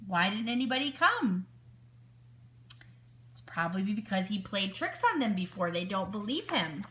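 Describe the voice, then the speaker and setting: A woman teacher reading a children's picture book aloud, expressive and stopping to ask her listeners questions. Her voice is bright and clear, and her pitch rises and falls with lively swings. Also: normal speed, pauses often.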